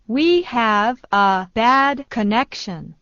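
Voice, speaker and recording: A woman reading English phrases slowly, repeating each one for learners. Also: on the high side, clean tone, no room sound. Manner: slow, even repetition of each phrase. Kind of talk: slow scripted phrase reading. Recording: dull dry studio sound.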